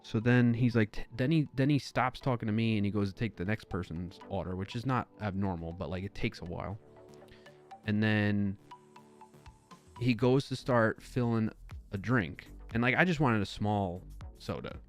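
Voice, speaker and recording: A man hosting a live stream, telling a story in a casual, rambling way with lots of fillers and self-corrections, sounding baffled and animated. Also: on the low side, normal speed, soft background music. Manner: incredulous, animated retelling.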